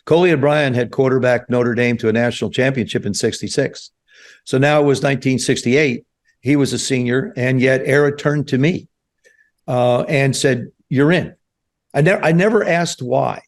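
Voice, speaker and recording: A man in his seventies from New Jersey, a guest telling stories in an animated way on a podcast. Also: mid-range voice, moderate pace. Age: 70s. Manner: animated storyteller, acts out quoted voices. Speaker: guest, former quarterback. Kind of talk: storytelling interview. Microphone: podcast studio mic.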